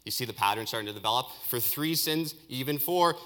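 A man preaching a sermon in an animated way, building to loud peaks and restarting phrases often. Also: fairly high pitch, a little fast, hardly any pauses. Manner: speaks with frequent restarts and filler words.

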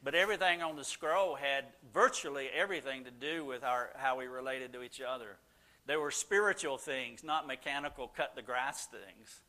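A middle-aged man telling stories to a live audience, animated, and loud when he acts out how his family talked. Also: mid-range voice, moderate pace. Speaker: speaker answering audience questions. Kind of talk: casual talk to a live audience.

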